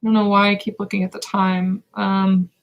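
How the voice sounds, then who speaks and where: An intuitive reader gives a live spiritual reading in a gravelly voice full of fry, speaking slowly and meditatively at a level, even pitch. She halts often, pausing and using fillers as she reaches for words. The recording is rough.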